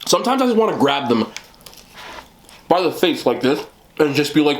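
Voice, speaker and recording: A man hosting a mukbang, chatting casually while eating, talking in an animated way with loud bursts. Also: a little high, normal speed, slight background noise. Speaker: mukbang host.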